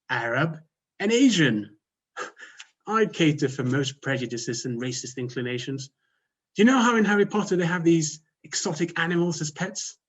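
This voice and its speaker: A man's voice: a little high, a bit bright. A man from Sweden with a Swedish accent giving a humorous contest speech over a video call, dry and self-mocking. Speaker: contest speaker.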